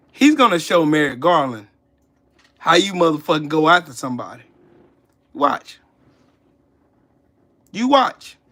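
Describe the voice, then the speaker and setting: A man's voice: high voice, pushed and bright. A man hosting a livestream, ranting with heated profanity and scolding people in his chat. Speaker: channel host. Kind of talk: livestream commentary rant.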